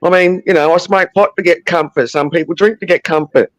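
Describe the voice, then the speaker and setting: Man, Australian accent, laid-back rambling, high voice, dry close sound. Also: a little fast, dry recording, low-quality recording. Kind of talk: casual group chat.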